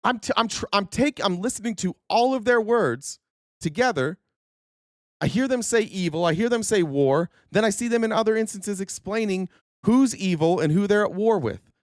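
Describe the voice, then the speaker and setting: A man's voice: high voice, lively intonation, normal speed, no room sound, studio quality. A man hosting a political commentary livestream, earnest and indignant, stumbling over restarts and losing his voice. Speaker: host.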